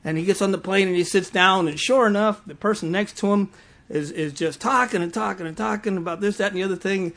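High-voiced male preacher. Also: fast talker, a bit bright. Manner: storytelling, stumbling restarts, teasing laughs. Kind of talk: sermon.

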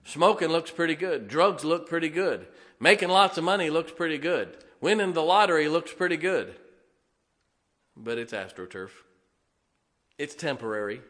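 A man in his forties preaching a folksy, humorous sermon, swinging between loud emphasis and soft asides. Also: a little high, expressive, moderate pace. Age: 40s. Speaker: pastor.

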